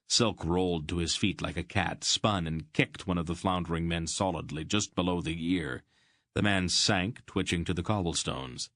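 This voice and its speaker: The narrator of this fantasy audiobook is a man whose low voice keeps the action going at an even, measured pace. The sound is dry and close-miked, with no room echo at all.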